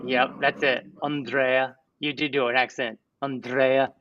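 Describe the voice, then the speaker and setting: A man's voice: mid-range voice, little pitch movement, a little slow, sharp tone, recorded from a distance, highs cut off, a little hiss or hum. A man hosting a casual livestream chat, playful and giggly, breaking into goofy little songs. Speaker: livestream host.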